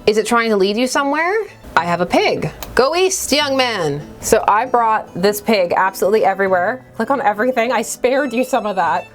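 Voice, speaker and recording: A woman's voice: on the high side, expressive, a little fast, faint music behind. A woman hosting a casual let's play, chatty and reading the game text aloud with wry asides. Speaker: gaming video host.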